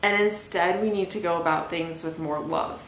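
A woman's voice: lowish voice, fairly even intonation, normal speed. A young woman hosting a podcast, telling a story in a casual rambling way, full of "like" and "anyway". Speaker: podcast host. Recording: echoey room with faint hiss.

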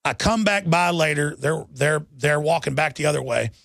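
A man with a gravelly, fry-laden voice pitched a little high holds forth on talk radio. He rambles urgently and restarts his sentences as the story runs on. The studio sound is dry and close. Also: animated, normal speed, fairly bright tone, dry recording. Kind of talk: impassioned talk radio monologue.

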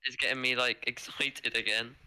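A man on a gaming livestream chatting excitedly and giggling, his voice swinging up and down. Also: medium pitch, moderate pace. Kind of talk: casual gaming stream chat.

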